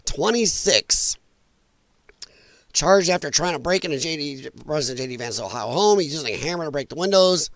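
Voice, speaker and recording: Fairly high-pitched and lively in intonation, a man hosts a casual political livestream at a moderate pace with no room sound. Blunt and exasperated, he keeps coughing from a scratchy throat and keeps saying sorry.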